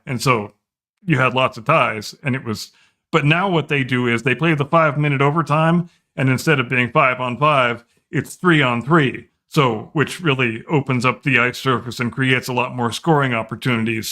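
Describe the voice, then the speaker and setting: A man with a bright, forward-placed voice talks through an explanation in a relaxed podcast conversation. He goes on at length and often stumbles into repeated words as he restarts his sentences. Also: medium pitch. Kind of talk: casual chat.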